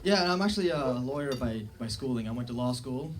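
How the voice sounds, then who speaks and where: A young man does a self-deprecating stand-up set in a comedy club, talking casually into a handheld mic with fillers and asides. His mid-range voice is animated and fairly quick. The live recording carries heavy background noise and loud audience laughter.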